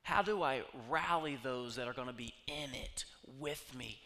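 A man preaching a sermon, telling stories with humor and swinging from loud bursts to hushed asides. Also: medium pitch, normal speed. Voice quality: animated, jokey storytelling with sudden loud bursts and hushed asides. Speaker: pastor. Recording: long reverb of a large hall.

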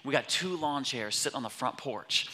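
Bright-voiced preacher telling a story. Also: male voice, mid-range voice, normal speed, in a large hall. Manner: animated, acts out quotes of his son. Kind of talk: sermon storytelling.

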